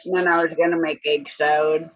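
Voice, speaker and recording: A woman's voice: low-pitched, little pitch movement, a little fast, no room sound. A woman co-hosting a live stream in a casual, rambling chat, breaking off now and then to give commands to her dog. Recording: dull lo-fi stream audio.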